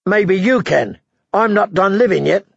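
A man voicing a brutal, scarred male warrior who growls and shouts with scorn, in a storybook reading. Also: high-pitched, expressive, a little slow, creaky, husky, no echo, dull audio, pitched above the performer's own voice, exaggerated voice. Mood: scornful.

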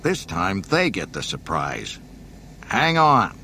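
A man's voice: sits low, huge pitch swings, slow pace, sharp tone, slight background noise, exaggerated voice. A man voicing a cocky, brash male starship captain who barks orders. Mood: commanding. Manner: barking orders, defensive.

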